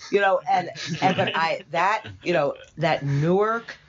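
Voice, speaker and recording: As a guest in a conversational interview, an older woman speaks emphatically and sardonically, full of opinions and prone to rambling asides. Her voice is lowish and her pace measured, and the audio sounds dull.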